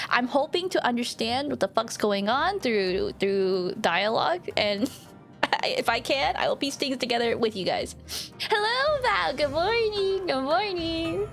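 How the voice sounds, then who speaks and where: A woman streamer chatting casually with her viewers while playing a game, giggling often and swearing now and then. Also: on the high side. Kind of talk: casual livestream chat while gaming.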